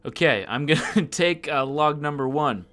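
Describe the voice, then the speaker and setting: A man's voice: a little high, normal speed, fairly bright tone. A man playing a tabletop role-playing game, thinking aloud and often repeating words as he asks questions. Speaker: player.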